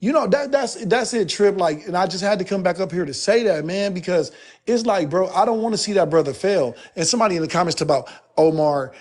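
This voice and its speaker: A man, a guest on a live stream, ranting in a profane, emphatic and rambling way after he has been drinking. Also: high-pitched. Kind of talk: heated casual rant.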